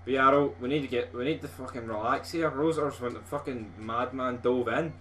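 A man's voice: mid-range voice, moderate pace, slight background noise. Sweary Scottish man commentating gameplay. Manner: sweary, rowdy, excitable fan. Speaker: gaming video host.

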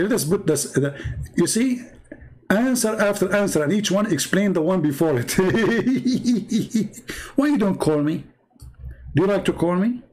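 Hosting a live stream in broken English, a man from the Middle East, a native Arabic speaker with an Arabic accent, mocks his opponent with sarcasm. His voice is slightly high and gravelly, a little mellow, with a breathy edge.

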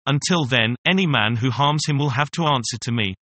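A tall young frontier captain gives firm, commanding orders, as a man reading a storybook puts him on. He sounds protective and unafraid. The voice is bright and dry. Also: mid-range voice, brisk, no echo.

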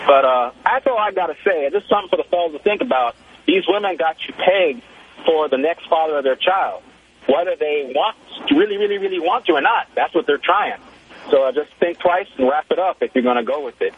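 A male caller with a high voice, heard over a tinny phone line with faint hiss. He tells his story casually, with animated, chatty energy. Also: a little fast. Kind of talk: casual storytelling on a call-in show.

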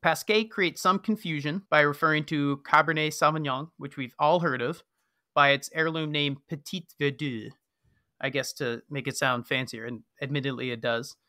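A man's voice: on the high side, steady tone, normal speed, bright, forceful tone, no room sound, clean studio sound. A man co-hosting a wine podcast, explaining things in a wry, casual way. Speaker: podcast co-host. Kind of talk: casual chat.

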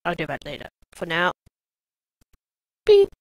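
A woman commenting on her own gameplay in a let's play, excitable and shouting taunts at enemies. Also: on the low side, a little slow, no room sound, rough recording. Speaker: gamer.

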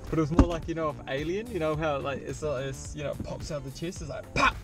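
Over loud music, a young man tells a friend a rambling, profane story about a dream, speaking fast in a fairly high voice. His animated retelling is full of "like."

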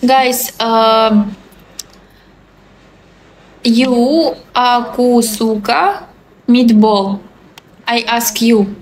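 A woman's voice: fairly high pitch, steady tone, extremely slow, pauses often, slight background noise, low-quality recording. A young woman in her twenties with a Belarusian accent, chatting cheerfully on a livestream in broken English, repeating greetings and thanks. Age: 20s. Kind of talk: casual live-stream chat reading comments.

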